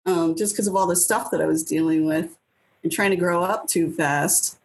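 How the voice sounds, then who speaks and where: A woman's voice: lowish voice, fairly even intonation, moderate pace, slightly rough, rough recording. A woman in her thirties from New Hampshire, a guest telling casual stories in an interview in a blunt way, swearing freely and acting out her own past lines. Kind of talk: casual storytelling.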